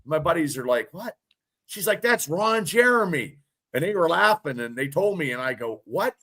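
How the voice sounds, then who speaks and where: A man's voice: a little high, lively intonation, fairly quick, a bit bright. A man hosting a podcast in casual chat, blunt and joking as he tells stories. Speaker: podcast host.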